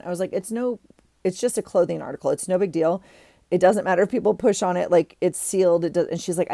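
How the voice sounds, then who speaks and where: A woman's voice: lowish voice, gravelly, warm tone, dry recording. A woman vlogger chatting casually while she tidies her desk, rambling with many ums and restarts.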